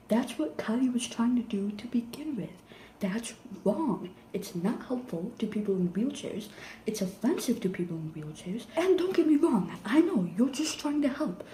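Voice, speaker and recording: Woman, sarcastic improvised rant, emphatic and lecturing, somewhat high mellow voice, echoey room. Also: slight background noise. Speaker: vlogger.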